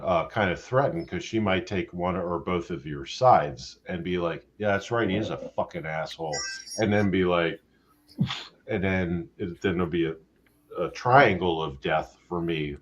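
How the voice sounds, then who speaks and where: Low-voiced man, joking and swearing. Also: normal speed. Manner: joking, swearing, self-mocking, animated. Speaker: livestream host. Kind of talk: casual chat. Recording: dull lo-fi sound.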